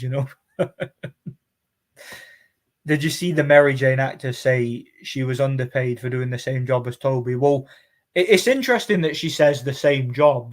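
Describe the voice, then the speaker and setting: A man, hosting a casual live chat, rambling and mocking, laughing often between remarks. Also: medium pitch. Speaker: channel host reading chat comments.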